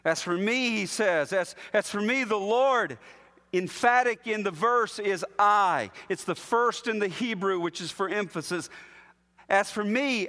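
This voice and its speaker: Man preaching in a reverberant hall. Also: pushed and bright. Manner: emphatic, drops low and slow on key phrases. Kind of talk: expository sermon.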